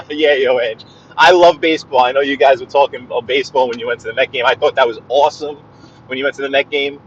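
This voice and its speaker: A man's voice: medium pitch, muffled recording, slight background noise. Chatty New man driving. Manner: chatty, talks to chat viewers, stumbles and repeats words. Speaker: live-streaming driver vlogger. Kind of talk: casual live-stream chat while driving. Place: inside a car on the highway.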